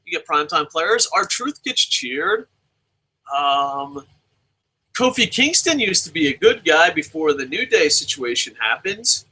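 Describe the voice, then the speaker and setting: A young man hosting a casual live review alone, reading viewer comments aloud and swearing freely as he jumps between loud outbursts and mumbled asides. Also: a little high, very animated, measured pace, slightly rough, rough recording. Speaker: show host.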